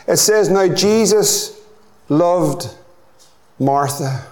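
A middle-aged man with a Northern Irish accent preaches a sermon from the pulpit. His voice sits notably high, and his delivery rises into impassioned, repeated appeals before dropping back to a gentle, slow emphasis. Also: expressive. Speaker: pastor.

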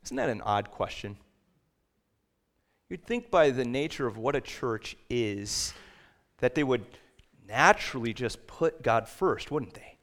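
A pastor preaches to his church in a mid-range male voice. He talks plainly through the passage, then pushes up in pitch and volume whenever he reads a verse or drives a point home. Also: big pitch swings, unhurried, long pauses. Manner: rises to loud emphatic peaks when reading scripture and quotes. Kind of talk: sermon. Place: church sanctuary.

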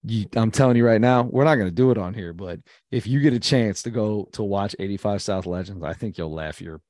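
A man co-hosting a podcast, talking in an excitable, rambling way with plenty of fillers. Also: fairly low pitch, brisk, no room sound, clean studio sound. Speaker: podcast co-host. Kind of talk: casual chat.

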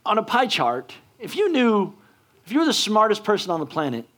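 A man's voice: sits high, wildly swooping pitch, a little fast, a bit bright. A male pastor preaching a sermon in a casual, chatty way with many fillers.

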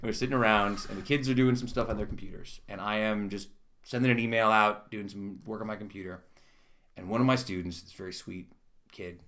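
A man's voice: on the low side, fairly even intonation, fairly quick, fairly bright tone. A young man co-hosting a casual podcast, telling self-mocking stories and laughing as he goes. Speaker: podcast co-host. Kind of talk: casual chat.

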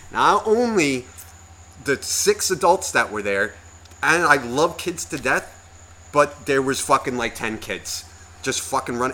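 A man ranting his way through a podcast story, swearing freely and sounding fed up. His voice is bright and forceful and carries well over the mic. A faint hiss sits underneath. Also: mid-range voice. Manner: profane, ranting, exasperated. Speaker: podcast co-host.

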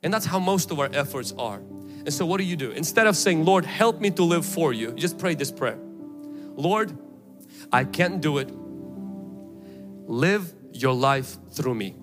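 A man preaching a sermon, animated and acting out prayers in quoted voices, sweating and a little out of breath. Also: on the high side, a little slow, pauses often, over music. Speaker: pastor. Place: church.

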